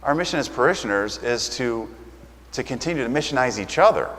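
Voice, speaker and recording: A man's voice: medium pitch, a bit bright. A man preaching a sermon as pastor, talking conversationally and acting out quoted exchanges. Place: church. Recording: long church reverb.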